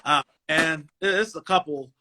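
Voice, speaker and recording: A man in his forties from Cleveland hosting a casual sneaker talk show over a video call, relaxed and rambling. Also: fairly high pitch, moderate pace, a little hiss or hum. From Cleveland, USA. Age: 40s. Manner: relaxed, rambling, lots of "um" and "you know". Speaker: podcast host. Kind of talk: casual chat. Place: home dining room.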